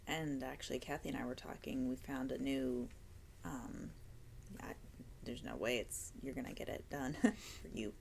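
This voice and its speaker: A woman's voice: a bass voice, lively intonation, normal speed, gravelly, darkish tone, slight background noise. A woman hosting a casual interview, chatty and enthusiastic as she gushes about yarn. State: hiccups and tired. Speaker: yarn shop owner and host.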